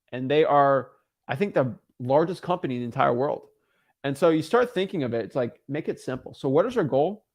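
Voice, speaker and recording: In his twenties, this man teaches real estate wholesaling on a livestream in a slightly high voice. He talks in a hyped-up, rambling way and often corrects himself.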